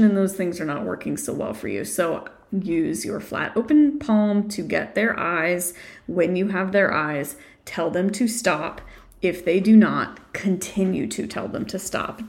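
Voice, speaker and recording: A woman's voice: medium pitch, darkish tone. Woman dog trainer answering listener questions on her podcast, blunt and to the point. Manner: direct, assertive advice-giving.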